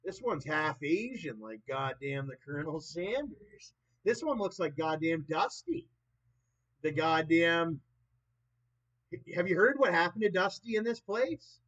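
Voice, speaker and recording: High-pitched guy in his late 20s rambling and cussing, volume all over the place, muffled lo-fi audio. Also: lively intonation, measured pace. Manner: profane, erratic, loud and soft by turns. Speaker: vlogger. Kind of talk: rambling monologue. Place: old property in the countryside. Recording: dull lo-fi recording.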